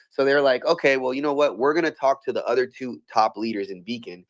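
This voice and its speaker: A man's voice: medium pitch, fast, hardly any pauses. Man, casual storyteller, swears freely, restless restarts, acts out quotes. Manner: animated, profane, many restarts, acts out quotes.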